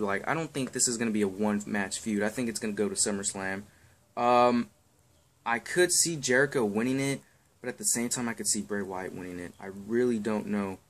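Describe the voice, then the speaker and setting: A man's voice: medium pitch, a bit bright, a little hiss or hum. A young man giving wrestling match predictions in a rambling, crude, offhand chat full of ums and swearing. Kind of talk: casual chat.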